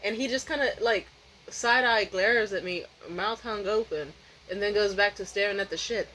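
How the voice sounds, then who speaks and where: A woman's voice: medium pitch, moderate pace, pushed and bright, a little hiss or hum, rough recording. A woman vlogger telling a rambling, profane, candid story in a casual way, often restarting her sentences.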